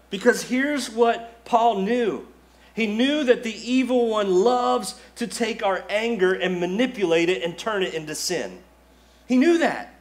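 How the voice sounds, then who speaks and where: A male pastor delivering a sermon in a lively, conversational way, often saying "like" and acting out the quotes he reads. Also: high-pitched, moderate pace.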